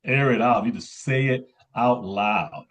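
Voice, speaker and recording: A man on a podcast talking haltingly, repeating words and filling pauses with uh while he tells about peer support calls. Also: mid-range voice, a bit bright. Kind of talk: casual podcast chat. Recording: muffled, dull-sounding mic.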